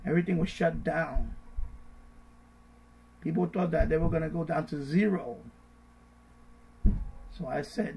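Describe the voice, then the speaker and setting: A middle-aged man hosting a finance live stream, repeating his points in a casual, animated way and mimicking panicked voices. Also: fairly high pitch, unhurried, vocal fry, pauses often, slightly rough, low-quality recording.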